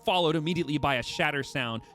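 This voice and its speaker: A man running a tabletop game as game master, narrating in a lively, animated way with frequent restarts. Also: on the high side, fast talker, soft background music.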